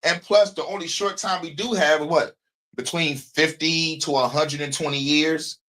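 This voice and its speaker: A man's voice: fairly high pitch, fairly even intonation, normal speed, pushed and bright. A man hosting a livestream in a rambling, profane, casual monologue, often breaking into laughs. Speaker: streamer host.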